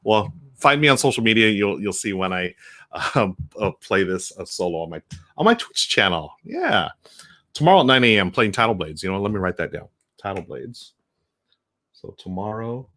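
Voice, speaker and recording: A man's voice: on the low side, big pitch swings, moderate pace, bright, forceful tone. A man hosting a casual live-stream, chatting to viewers while unboxing board games, rambling with restarts. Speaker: board game streamer and host.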